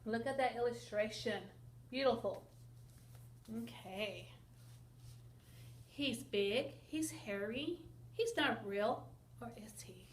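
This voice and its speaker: A woman teacher reading a picture book aloud to children, expressive and asking them questions. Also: fairly high pitch, slow, long pauses. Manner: expressive, asks listeners questions, sound effects. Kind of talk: children's read-aloud lesson. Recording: echoey room with faint noise.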